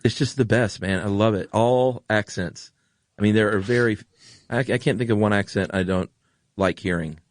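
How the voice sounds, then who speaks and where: A man's voice: fairly low pitch, normal speed. A man with a General American accent co-hosting a podcast in casual chat, gushing with enthusiasm and repeating himself. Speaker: podcast co-host.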